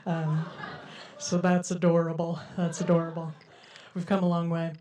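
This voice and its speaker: A woman's voice: on the low side, monotone, moderate pace, mellow. A young woman from Denver doing a stand-up routine with a quirky, lilting, self-described silly way of talking. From Denver, USA. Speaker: stand-up comedian. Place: comedy stage before a live audience.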